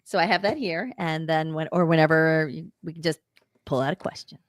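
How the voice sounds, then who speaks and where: A woman's voice: low-pitched, a little fast, no echo, studio quality. A middle-aged woman co-hosting a casual chat show, teasing and laughing often. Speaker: co-host.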